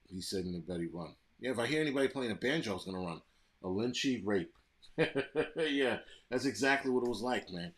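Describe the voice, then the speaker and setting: A man's voice: fairly low pitch, fairly bright tone. A man from the United States hosting a live stream, ranting bluntly and profanely while answering chat comments. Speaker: livestream host reading chat.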